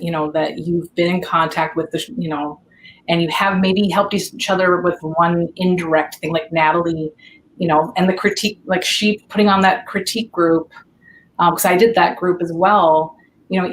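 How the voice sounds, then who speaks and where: Woman, rambling casual talk, video call, lowish pitch, faint hiss. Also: poor audio. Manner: rambling, full of "you know" and "like". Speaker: guest author. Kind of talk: casual panel chat.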